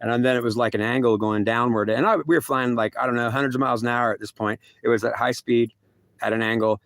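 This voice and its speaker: Gravelly man rambling through a story. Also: medium pitch, steady tone, fast talker, fairly bright tone, no echo. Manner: restless, repeats himself, full of "like" and "literally". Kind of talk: rambling first-person story.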